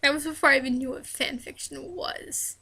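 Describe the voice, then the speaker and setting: A woman's voice: sits high, a little fast, vocal fry, sharp tone. A young woman chatting casually as she answers fan questions in a vlog, often breaking into laughter. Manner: giggly, laughs often while talking. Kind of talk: casual chat.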